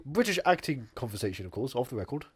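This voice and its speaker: A man's voice: medium pitch, big pitch swings, quick pace, slightly rough, voice pushed down. A man playing a pompous, name-dropping aging British actor in improvised comedy banter, with a theatrical luvvie drawl. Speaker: mock talk-show host.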